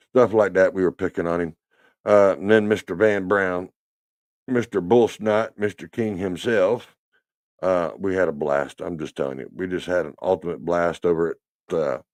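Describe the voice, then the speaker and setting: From the cab of his truck, a man hosts a trucking talk show, rambling and teasing in casual chat as he drives. He has a deep voice, recorded dry.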